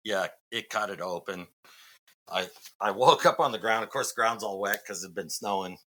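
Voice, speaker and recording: A man's voice: fairly low pitch, moderate pace, bright, forceful tone. A middle-aged man from Massachusetts, a podcast guest, telling a long story in a rambling way with many fillers and restarts. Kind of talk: casual storytelling.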